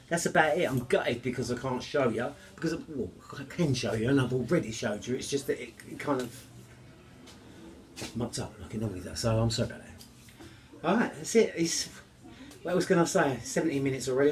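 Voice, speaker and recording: A man, chatting casually in a home cooking vlog, cheerful and rambling, joking about himself. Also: medium pitch. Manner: cheerful, rambling, self-mocking.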